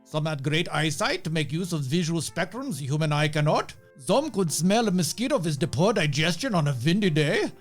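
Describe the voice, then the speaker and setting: A man's voice: a little high, animated, normal speed, few pauses, faint music behind. A man playing a jolly German mad scientist. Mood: sheepish. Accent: put-on German. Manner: jovial, playful, broken grammar. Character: eccentric older male German mad scientist. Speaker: voice actor. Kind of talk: comedic audio drama.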